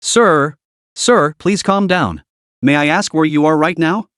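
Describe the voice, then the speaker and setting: A patient female emergency dispatcher speaks in a measured, unhurried way, keeping everything calm and professional, as a man voices her in a story reading. Her voice sits a little higher than the narration and is recorded close and dry. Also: clear, resonant tone, no room sound. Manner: slow, measured, calming.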